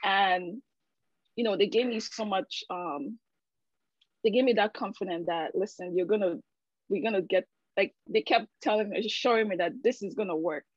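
A woman's voice: mid-range voice, moderate pace, husky, no echo, lo-fi sound. Candid woman telling her story, dry call audio. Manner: emotional, candid storytelling with many fillers. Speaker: patient giving a testimonial. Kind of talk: personal testimonial over a video call. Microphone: video call.

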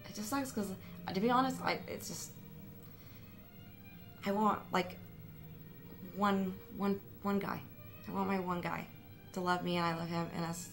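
A young woman vlogger talks to her camera at home, rambling and poking fun at herself, with plenty of fillers and restarts. Her voice is fairly low and a little bright, and music is playing in the room.

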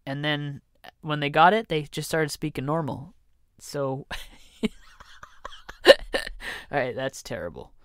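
A man hosts a meandering comedy podcast in an unhurried, drawn-out delivery. He jokes, cuts himself off mid-thought, and slips into silly mock voices. The sound is close and dry, with no room behind him. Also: fairly high pitch, fairly bright tone, clean tone, no echo. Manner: joking, self-interrupting, slips into mock voices. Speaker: podcast host. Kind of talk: rambling comedic monologue.

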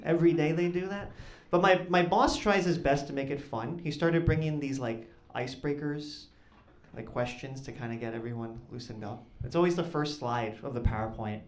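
A man doing a stand-up comedy set on stage, talking in an awkward, deadpan way that rises into loud punchlines. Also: medium pitch, normal speed. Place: comedy club stage with live audience. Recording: echoey club with audience noise.

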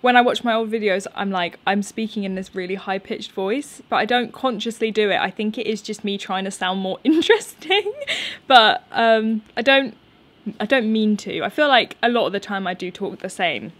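Young woman, twenties, outdoor garden vlog, chatty and giggly, mid-pitched. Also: lively intonation, normal speed, a bit bright. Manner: chatty, laughs often, nervous energy. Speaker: YouTuber answering viewer questions. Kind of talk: casual unscripted chat.

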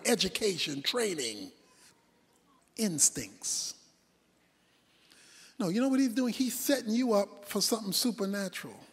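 A man preaching a sermon, dramatic, swinging between loud shouts and hushed asides. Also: very high-pitched, big-room sound.

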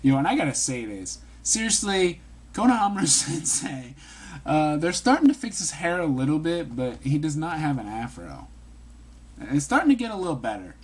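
A man reading a manga chapter aloud and commenting on it in a casual, animated way. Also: on the high side, husky. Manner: reads every character's lines himself in an animated voice, adds quick asides.

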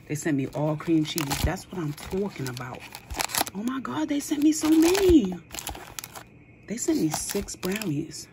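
A young woman vlogger telling a story in a casual, animated way, full of exclamations and playful slang. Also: medium pitch, unhurried, background noise.

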